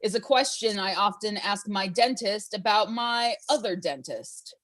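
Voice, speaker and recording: A woman doing a stand-up set of deadpan one-liners over a live stream from home, often laughing at her own jokes. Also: mid-range voice, a little slow. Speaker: stand-up comedian.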